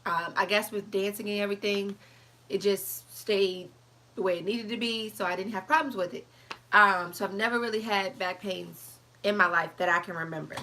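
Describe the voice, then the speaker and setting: Bright-voiced young woman vlogging. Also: mid-range voice, normal speed. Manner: animated storytelling, chatty, reads live comments. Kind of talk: casual chat to camera.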